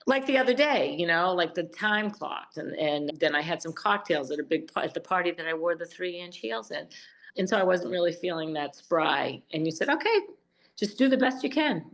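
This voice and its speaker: A woman's voice: lowish voice, normal speed, creaky, poor audio. A woman in her seventies, a podcast guest, telling stories in casual chat and acting out what other people said. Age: 70s. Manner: animated storytelling, acting out other people's lines.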